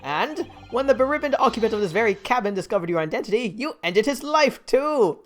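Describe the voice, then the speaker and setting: Woman putting on a pompous British gentleman detective. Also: fairly high pitch, expressive, brisk, faint music behind, voice pushed up, natural voice. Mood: grandiose. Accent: attempted British. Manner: theatrical, grandiloquent.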